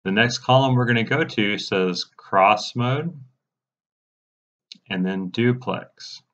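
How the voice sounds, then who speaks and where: A man with a lowish voice explains software settings step by step in a casual, mildly exasperated way. His voice sounds a bit dull and lo-fi, as if captured on a computer mic during a screen recording. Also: takes it slowly. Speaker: radio programming instructor.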